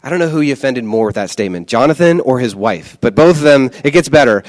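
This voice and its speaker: A man's voice: medium pitch, lively intonation, fast, hardly any pauses. A male pastor delivering a conversational, emphatic sermon and often repeating words for stress.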